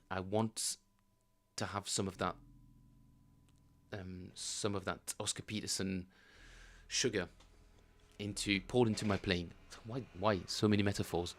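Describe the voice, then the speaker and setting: A man streaming his bass practice, explaining chord tones in a rambling, casual way with lots of fillers and self-corrections. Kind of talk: casual livestream teaching chat.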